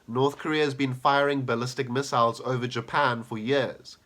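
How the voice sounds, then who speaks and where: A man's voice: mid-range voice, fairly bright tone. Combative male commentator. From South Africa. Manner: combative, rhetorical questions, sarcastic asides. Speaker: political commentator. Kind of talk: argumentative video essay.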